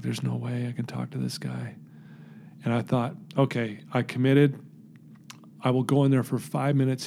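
Male guest, earnest storyteller, dark gravelly tone, voices each person in his tale. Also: medium pitch, slight background noise. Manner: recounts events by acting out quoted dialogue; earnest, emotional. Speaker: podcast guest.

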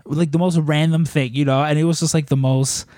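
A man's voice: fairly high pitch, steady tone, a little fast, warm tone, no room sound, clean studio sound. A man casually telling rambling stories in a podcast chat, with plenty of swearing. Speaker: podcast co-host.

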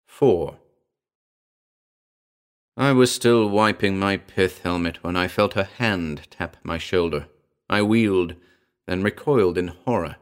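A man narrating a comic pulp story in a dry, wry storytelling manner. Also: sits low.

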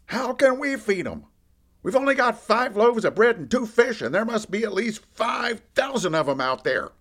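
A man doing a high, anxious blurting fisherman. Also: big pitch swings, moderate pace, fairly bright tone, exaggerated voice. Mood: worried.

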